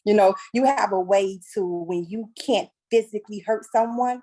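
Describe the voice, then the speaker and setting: A woman on a discussion panel, sharing a personal story in a lively way, laughing often and acting out what people said. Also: mid-range voice, moderate pace, low-quality recording. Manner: animated, laughs often, acts out quoted voices. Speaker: panel guest.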